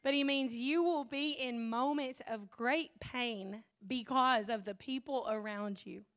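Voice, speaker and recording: A woman pastor preaches with a high, bright voice. She talks emotionally and sounds weepy at times. Her voice rises to near-shouting passion. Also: measured pace. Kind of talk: sermon.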